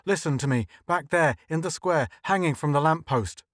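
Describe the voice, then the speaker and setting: A man's voice: fairly high pitch, normal speed, no echo, studio quality, pitched above the performer's own voice, natural voice. A man voicing a frantic, pleading shopkeeper. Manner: pleading, rising to desperate shouts. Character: frantic middle-aged male shopkeeper.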